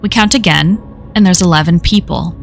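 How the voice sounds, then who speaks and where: A woman's voice: fairly low pitch, moderate pace, gravelly, faint music behind. A woman reading a first-person horror story aloud on a live stream, in a casual, conversational telling full of swearing.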